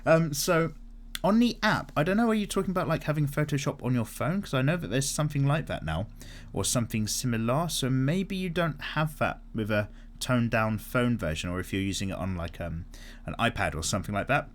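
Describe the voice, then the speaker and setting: A man in easy, unscripted conversation, his pitch swinging up and down a lot as he talks. He sounds animated and swears without a second thought. His voice sits at an ordinary middle pitch for a man. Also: a little fast, a little hiss or hum. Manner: animated, casual, swears freely. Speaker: art channel host. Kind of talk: casual chat reading viewer comments.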